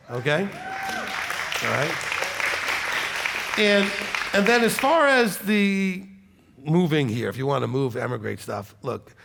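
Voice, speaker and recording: Gravelly rabbi guy answering questions, lots of okays, echoey hall. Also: mid-range voice. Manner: animated, chatty, with many okays. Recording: long hall reverb.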